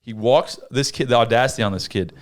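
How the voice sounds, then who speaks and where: A man's voice: medium pitch, fairly quick. A young man, a podcast host, telling a story in casual chat and acting out the voices in it. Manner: animated storyteller, acts out voices.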